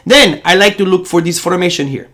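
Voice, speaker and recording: A man's voice: sits high, brisk, sharp tone. A man imitating an earnest male trading instructor with an Egyptian accent, drawing out his phrases with emphasis. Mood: enthusiastic.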